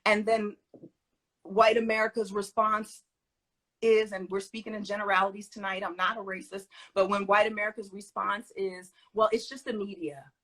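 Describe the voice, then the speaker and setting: An emphatic woman guest teaching in a conversational way, her voice bright, forceful and somewhat husky. She talks animatedly and stresses her points hard, often laughing between them. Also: mid-range voice, level tone, normal speed, low-quality recording. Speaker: guest speaker.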